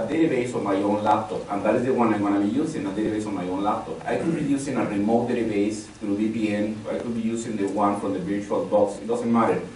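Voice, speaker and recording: A man's voice: on the low side, a little mellow. A man instructs a live audience in a large training room, chatting through steps and repeating key points as he goes. His voice sounds far from the microphone and bounces around a very echoey space, with a faint hiss of noise underneath. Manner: conversational, repeats key phrases, polls the audience.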